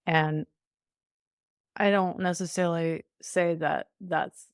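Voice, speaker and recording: Brief candid woman guest coach, slightly low voice, dry close sound. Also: fairly even intonation, slow pace, clear, resonant tone, dry recording. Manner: breezy and candid, laughs often, slips into playful voices. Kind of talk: conversational podcast interview.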